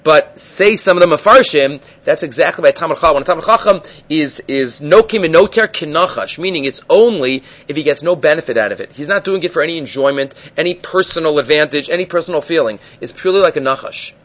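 A man with a notably high voice leads a Talmud class. He explains and retells stories animatedly, weaving in Hebrew and Aramaic terms with quick asides and fillers. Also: lively intonation, fairly bright tone, dull audio. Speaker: Talmud teacher giving a daily class. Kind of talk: Talmud lecture with storytelling.

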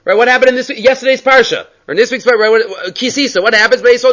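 A man's voice: very high voice, rapid-fire, few pauses, a bit bright, dull audio. A man teaching a Torah class in English, quoting Hebrew texts and asking rhetorical questions as he explains.

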